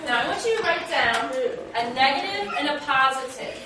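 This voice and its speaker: A woman's voice: high-pitched, expressive, normal speed. A woman teacher giving instructions to her class and directing students through a role-play. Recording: very echoey, distant and noisy classroom recording.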